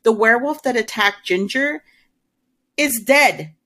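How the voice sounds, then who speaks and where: A woman co-hosting a podcast in casual movie chat, excitable, her voice jumping up when she asks questions. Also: a little slow. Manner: excitable, pitch jumps up on questions. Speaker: podcast co-host.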